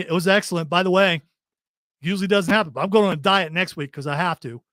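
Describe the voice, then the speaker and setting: A man from Ohio with a Kentucky-tinged accent, bantering with his co-hosts as he reads out viewer comments. His voice sits a little on the high side, and the recording is dry and close. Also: quick pace, fairly bright tone, dry recording. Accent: Kentucky-tinged American. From Ohio, USA. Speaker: podcast co-host reading live chat. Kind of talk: casual banter.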